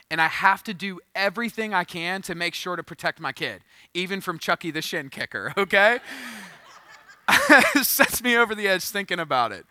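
Pastor, thirties, male; high, very bright voice, dry close sound, animated storyteller. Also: no echo. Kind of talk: sermon.

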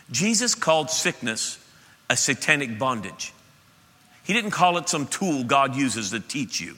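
A middle-aged male pastor preaching an impassioned, emphatic sermon that swings between loud and soft in a church sanctuary. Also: mid-range voice, sing-song, a little slow. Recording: reverberant church hall.

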